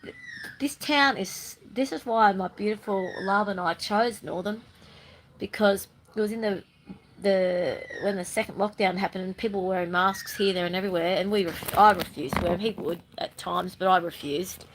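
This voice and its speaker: A bubbly woman chatting on camera in a loose, rambling monologue. Her voice sits in a middle pitch, and now and then she breaks into playful sing-song bursts. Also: normal speed, slight background noise, rough recording. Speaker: spiritual vlogger. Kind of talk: casual monologue.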